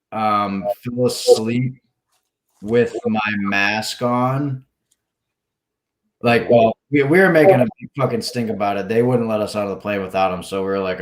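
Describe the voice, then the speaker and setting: A man's voice: on the low side, slow. A man, a podcast guest, telling a rambling story in casual talk, full of swearing and "like" fillers. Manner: rambling, heavy swearing, many "like" fillers, acts out quotes.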